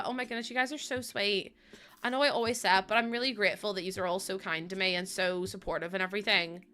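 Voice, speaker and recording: A woman's voice: mid-range voice, fairly even intonation, quick pace, pushed and bright. A woman with a Northern Irish accent, chatting casually to her viewers while building in a game, laughing often. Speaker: streamer.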